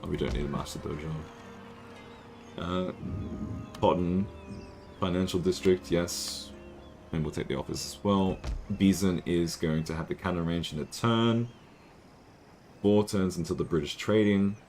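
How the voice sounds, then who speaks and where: A young Australian man from the Northern Territory livestreams a strategy game, rambling casually, laughing often and poking fun at himself. His low-pitched voice is a little slow and mellow, with vocal fry and frequent pauses. Soft music plays in the background.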